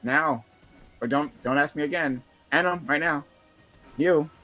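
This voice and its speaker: A man moderates an online debate in a casual, joking way, with faint music behind. He talks in a relaxed everyday voice. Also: a little high, moderate pace. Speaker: podcast moderator.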